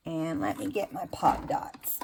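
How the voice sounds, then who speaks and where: A woman's voice: deep voice, big pitch swings, noisy background. A woman hosting a craft tutorial, talking casually and rambling as she demonstrates. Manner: chatty, rambling, self-admittedly unhurried.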